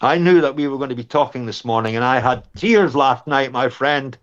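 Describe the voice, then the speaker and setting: Over dull audio, a man in his sixties with a medium-pitched voice speaks fairly quickly as a guest in an emotional interview. A war veteran, he talks passionately about lost comrades, dwelling on them and choking up close to tears.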